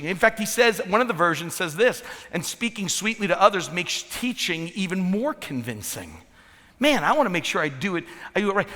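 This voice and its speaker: Male pastor, northern US upbringing, fairly high bright voice, lively sermon delivery. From northern United States. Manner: lively, animated preaching with asides and quick repeats. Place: large church hall. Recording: church hall reverb with soft music.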